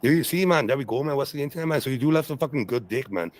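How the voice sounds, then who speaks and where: A man's voice: medium pitch, animated, very fast, low-quality recording. A man ranting on a livestream, profane and repetitive, with many fillers and constant "okay"s. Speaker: streamer in a replayed stream clip. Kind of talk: rambling livestream rant.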